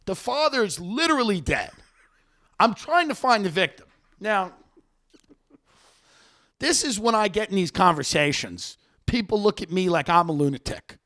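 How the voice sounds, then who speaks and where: Brash, gravelly high-voiced man storyteller. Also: normal speed, pauses often. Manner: brash, profane, animated. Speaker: podcast host. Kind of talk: comic storytelling monologue.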